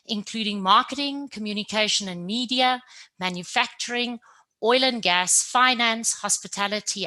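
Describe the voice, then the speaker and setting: A woman's voice: mid-range voice, pushed and bright. A woman moderating a webinar panel, speaking earnestly with frequent ums and uhs as she introduces guests. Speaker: panel moderator and course facilitator.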